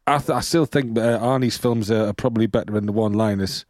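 A man's voice: on the low side, fast talker, a little mellow, no echo, studio quality. A man in a casual chat, making wry, teasing remarks.

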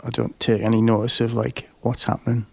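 Guy on a podcast, gravelly fry in his voice, deadpan jokes. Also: medium pitch. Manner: deadpan joking, swears, quick asides. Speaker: podcast co-host. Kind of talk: casual chat.

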